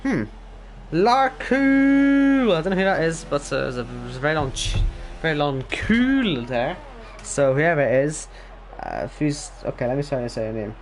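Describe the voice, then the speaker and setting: A man's voice: medium pitch, quick pace, a little hiss or hum. A Northern Irish man casually commentating an online race league stream, rambling, joking at his own expense and reading out chat messages.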